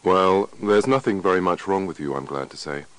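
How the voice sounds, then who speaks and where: A man voicing a calm, firm male doctor in a scripted dialogue reading, giving reassuring, instructive advice. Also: low-pitched, normal speed, no echo, poor audio.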